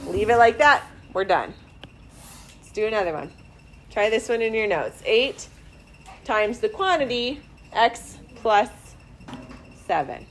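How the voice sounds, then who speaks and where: A woman teaching math to a classroom, her voice sitting a little high. She talks students through each problem slowly and deliberately, step by step. A faint hum of noise runs underneath. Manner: slow, deliberate step-by-step explaining. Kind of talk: classroom instruction.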